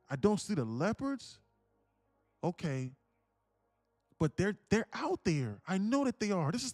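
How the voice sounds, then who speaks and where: A man's voice: high voice, no room sound. A man voicing a jittery male wildebeest. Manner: worried, musing to himself. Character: nervous cautious male wildebeest in a herd.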